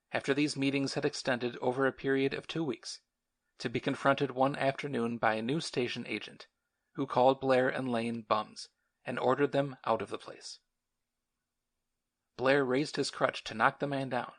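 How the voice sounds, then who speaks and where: A man narrating a novel as an audiobook in a measured, sombre manner. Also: mid-range voice. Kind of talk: scripted narration.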